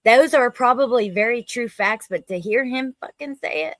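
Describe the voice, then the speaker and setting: True crime host lady, animated, swears when mad, dry close sound. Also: a little high, moderate pace, dry recording. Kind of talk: casual true crime chat. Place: home studio, livestream.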